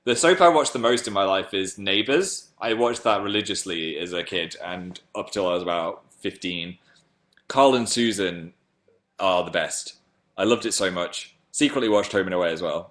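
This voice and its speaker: Young male livestreamer, slight northern English lilt, playful and chatty, casual webcam chat. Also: fairly bright tone. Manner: chatty and playful, jumps into silly high voices. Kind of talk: casual livestream chat answering viewer comments.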